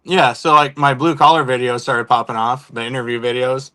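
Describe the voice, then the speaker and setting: A man's voice: mid-range voice, little pitch movement, fairly quick, fairly bright tone. A man from Oregon, a guest on a podcast, talking in an easygoing, laid-back casual chat. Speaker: guest, content creator.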